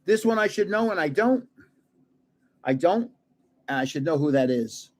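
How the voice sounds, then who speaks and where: Speaking at a normal speed with lively intonation, a fairly high-voiced older man runs a livestream where he opens card packs. He chats casually and chuckles at himself while guessing card names.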